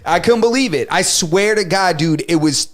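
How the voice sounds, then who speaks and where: A man's voice: sits high, lively intonation, normal speed. A man co-hosting a casual podcast, telling a long story and acting out both sides of the argument. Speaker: podcast co-host. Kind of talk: casual chat.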